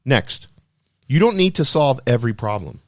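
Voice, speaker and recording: Animated man giving a motivational talk. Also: mid-range voice, normal speed, no echo, studio quality. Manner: energetic, emphatic, rhetorical questions. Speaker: podcast host.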